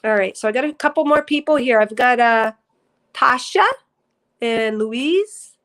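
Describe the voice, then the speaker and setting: Emotional spiritual livestreamer woman, slightly high voice. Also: unhurried, rough recording. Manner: earnest, emotional, rambling with self-corrections. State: teary, emotional. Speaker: psychic reader on a livestream. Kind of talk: casual spiritual livestream talk.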